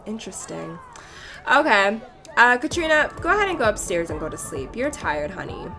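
A young woman chatting and giggling through casual game commentary, reacting loudly to what happens on screen. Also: fairly high pitch, very animated, a little fast, soft background music. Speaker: let's play gamer.

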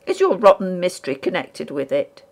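A woman voicing a brusque, irritable gentleman who answers with curt, sharp retorts. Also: fairly low pitch, huge pitch swings, normal speed, gravelly, heavily acted.

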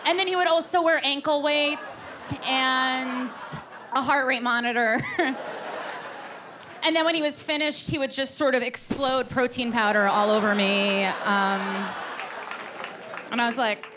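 A woman performing a stand-up comedy set, telling an animated story and slipping into voices for the people in it. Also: sits high, a little slow, pauses often, crowd noise, noisy background. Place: comedy club stage with audience.

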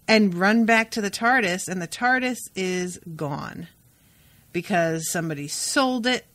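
Animated woman podcaster, dry close sound. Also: medium pitch, dry recording. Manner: animated, swearing, quick asides. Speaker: podcast co-host. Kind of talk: casual chat.

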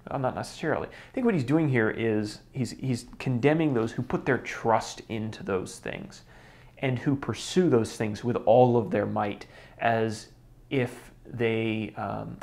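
Young man, casual Bible teacher, low voice, gravelly edge, easygoing. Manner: relaxed, chatty, with small laughs and restarts. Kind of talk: casual Bible study video.

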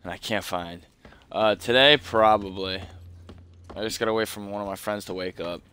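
A man's voice: fairly low pitch, moderate pace, bright, forceful tone, slight background noise. A hungover man streaming a horror game live, muttering frustrated questions to himself as he plays. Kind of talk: live gameplay commentary.

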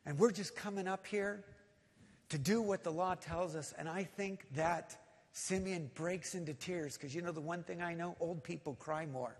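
A man preaching in a large church, his high, husky voice carried by a long hall reverb. He moves between soft, conversational retelling and loud, urgent appeals to the congregation. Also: normal speed. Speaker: pastor. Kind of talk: sermon.

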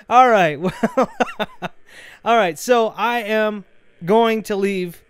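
A man giving casual let's-play commentary over a game, rambling, joking and getting excited as he plays. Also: high voice, takes it slowly, long pauses, clear, resonant tone, no room sound. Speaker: gameplay commentator.

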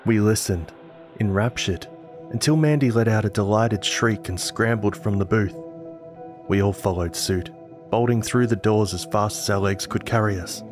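A man giving a scripted narration of a horror story in a measured storytelling manner. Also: lowish voice. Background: music.

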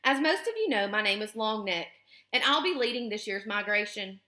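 A woman's voice: mid-range voice, animated, normal speed, sharp tone, soft background music. A woman voicing a big male lead goose who addresses the flock in an authoritative, announcing manner. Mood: commanding. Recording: roomy echo.

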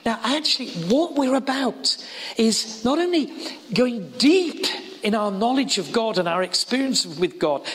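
A man's voice: extremely high pitch, fairly bright tone. A middle-aged man with a northern English accent preaching a sermon as an evangelist, telling stories earnestly and building to emphatic peaks. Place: college chapel. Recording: reverberant hall.

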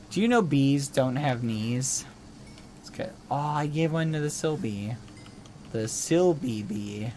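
Young man, live gaming stream, unhurried delivery, playful, sing-song humming, faint background hiss. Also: medium pitch, a little mellow. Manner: playful and doting, hums and sings little made-up songs; coos at his pets in a baby-talk tone. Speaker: livestreamer. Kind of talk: casual live-stream chat while gaming.

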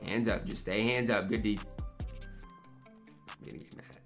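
A man's voice: lowish voice, fairly even intonation, normal speed, creaky, a bit bright, faint music behind. A young man commentating his own basketball video game match, ranting in frustration and talking to himself between plays. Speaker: gaming YouTuber. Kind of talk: live gameplay commentary.

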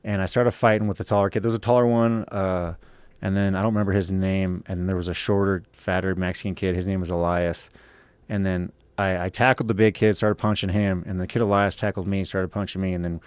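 A podcast guest from Los Angeles, USA, tells stories casually, cursing a lot and rambling with a frequent "right?". His deep voice is clear and resonant with little pitch movement, a little fast, and there's no echo.

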